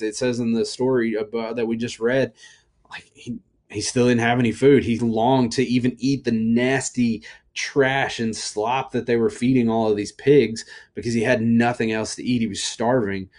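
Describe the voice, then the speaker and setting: A man's voice: mid-range voice, level tone, normal speed, a little mellow. A young adult man giving a casual sermon as a youth pastor, chatty and full of asides and fillers.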